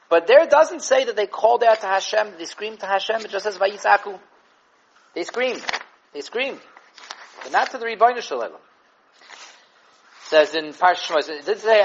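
A man giving an animated Torah class on the weekly portion, mixing Hebrew and Yiddish terms into English and repeating words as he thinks. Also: sits high, muffled recording, a little hiss or hum. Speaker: Torah teacher.

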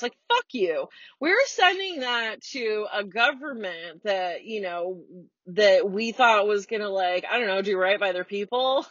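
A woman's voice: mid-range voice, animated, measured pace, a bit bright, no room sound, highs cut off. An American woman in her forties, hosting her podcast from a parked car, ranting bluntly and sarcastically with plenty of swearing. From United States. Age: 40s. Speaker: podcast host. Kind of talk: casual solo rant.

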